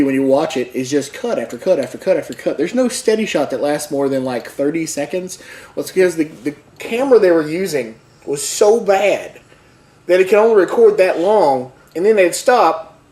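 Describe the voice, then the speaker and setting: A man's voice: on the high side, expressive, moderate pace, warm tone. A man hosting a casual podcast chat, telling a rambling, jokey movie recap with lots of asides. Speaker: podcast co-host. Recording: roomy echo.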